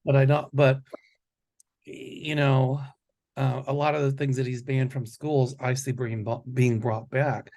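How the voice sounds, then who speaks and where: A man's voice: mid-range voice, little pitch movement, measured pace, darkish tone. A man hosting a psychic predictions show, talking in a rambling, confident, casual way. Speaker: psychic host.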